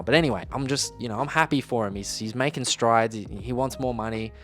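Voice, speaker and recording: A man's voice: mid-range voice, brisk, few pauses, a bit bright, faint music behind. A young Australian man telling a work story in a laid-back, wry way, swearing casually. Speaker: YouTuber, electrician.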